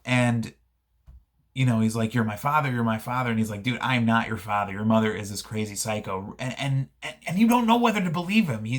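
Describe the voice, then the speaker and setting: Rambling, excitable man reviewing a film. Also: medium pitch. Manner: rambling and enthusiastic, with frequent restarts. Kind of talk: casual spoken movie review.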